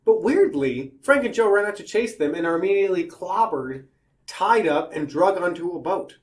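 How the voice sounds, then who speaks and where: A podcast host recaps a book's plot with animated energy, jumping in to act out the characters. His pitch swings widely and sits fairly high for a man. The tone stays casual and joking. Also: normal speed. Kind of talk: casual comedic book discussion.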